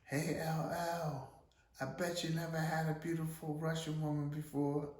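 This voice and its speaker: A bold young woman shouts across with a harsh, heavy accent, as a man puts her on in a raised voice. She is brash and forward, blurting her words. The sound carries a roomy echo. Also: fairly high pitch, level tone, moderate pace, pitched above the performer's own voice, close to an everyday voice.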